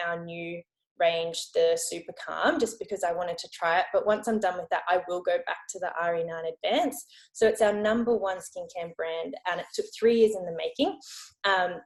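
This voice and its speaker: A woman in her late twenties presents in a friendly, loose way, with plenty of ums. Her voice sits on the low side for a woman, and she speaks over a video call. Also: darkish tone. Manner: friendly, informal presentation with many fillers. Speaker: network marketing consultant.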